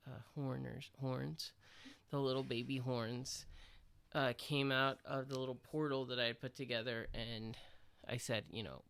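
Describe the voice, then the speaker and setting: A man co-hosting a podcast, rambling through an absurd deadpan mock apology. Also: medium pitch, measured pace, vocal fry, clear, resonant tone. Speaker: podcast co-host. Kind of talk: absurd comedy monologue.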